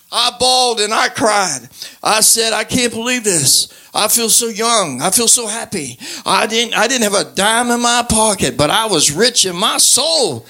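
A man's voice: high voice, expressive, normal speed, bright, forceful tone. A man telling his church testimony in a fervent, emphatic way, often close to tears. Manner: fervent, emphatic storytelling with repeated exclamations.

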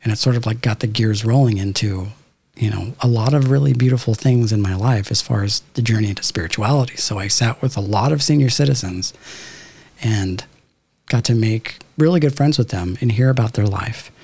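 A man's voice: on the low side, fairly quick, vocal fry, darkish tone, husky. A man in his thirties from Southern California, casually telling a reflective, spiritual story with lots of "like" and "you know". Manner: reflective, spiritual, many fillers like "like". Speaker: podcast guest.

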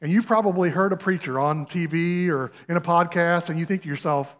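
Male guest preacher, slightly high voice, chatty and folksy, long hall echo. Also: a little fast, a bit bright. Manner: conversational, asks the congregation questions, folksy examples. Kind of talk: sermon. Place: church sanctuary.

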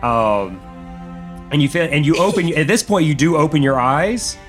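A man's voice: fairly high pitch, big pitch swings, moderate pace, soft background music. A man narrating as game master of a tabletop game, rambling and often restarting his sentences. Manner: rambling, laughing, lots of restarts.

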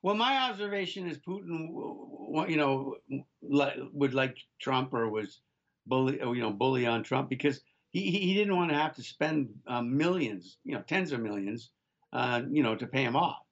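Speaking off-site from the studio, an older radio co-host drives home political points emphatically to listeners he calls folks, restarting often. He has a medium-pitched, animated voice at a moderate pace, and the recording's highs are cut off.

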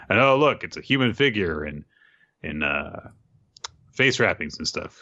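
A man co-hosting a podcast, recapping a comic in an animated, rambling way with frequent laughs. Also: low voice, unhurried, pauses often, highs cut off. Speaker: podcast co-host.

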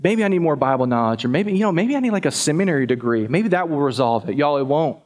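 A man's voice: fairly high pitch, lively intonation, quick pace, a little mellow. A man preaching a sermon as pastor, talking conversationally to the congregation and often repeating words.

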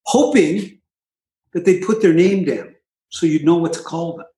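A man with a somewhat high voice tells his own story in a relaxed, conversational way. He has a dry, self-mocking humor and keeps adding little asides. The sound rings with the echo of a reverberant room. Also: unhurried. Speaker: guest sharing his recovery story. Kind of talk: casual storytelling. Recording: echoey room.

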